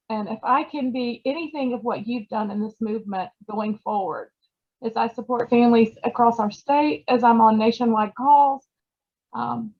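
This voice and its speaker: A woman, her voice a bit higher than most, speaks through tears in a halting, choked-up way, filling pauses with "um." The sound comes over a video call and is dull and lo-fi. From Georgia, USA. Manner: choked up, halting, many fillers. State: tearful. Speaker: award recipient. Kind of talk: emotional acceptance speech.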